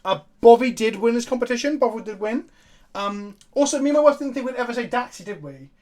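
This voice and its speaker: A male streamer talks into a close desk mic in loose, jokey chat, swearing freely as he goes. His pitch rises and falls a lot as he riffs. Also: expressive, fast talker, darkish tone. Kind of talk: casual chat while gaming.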